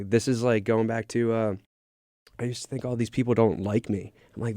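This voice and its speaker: Relaxed young man, low voice, dry sound. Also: brisk, dry recording. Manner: relaxed, filler-heavy storytelling with many "like"s. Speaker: podcast guest. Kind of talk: casual chat.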